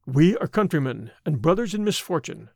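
A man's voice: a little high, sing-song, moderate pace, gravelly, no room sound, clean studio sound, heavily acted. A man voicing a grave, earnest father who fled his homeland, in a story reading. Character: grave male father, fugitive exile.

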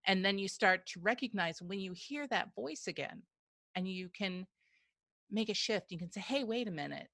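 A woman's voice: medium pitch, moderate pace, pushed and bright, no echo, clean studio sound. A woman hosting a podcast interview, effusive and emotionally responsive to her guest. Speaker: podcast host.

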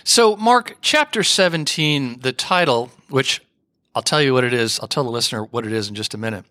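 A man hosting a podcast interview, asking questions in a measured, conversational way. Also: medium pitch, bright, forceful tone, no room sound, studio quality. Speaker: host.

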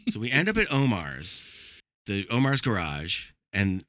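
A man's voice: lowish voice, sing-song, measured pace, a bit bright, dry recording, clean studio sound. A middle-aged man hosting a casual movie chat, telling a story with a lot of swearing and acting out quotes.

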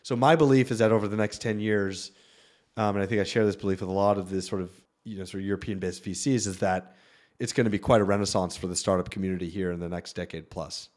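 This fast-talking venture capitalist has a fairly low voice. On the panel discussion he stays casual and loose, with frequent fillers and animated asides.

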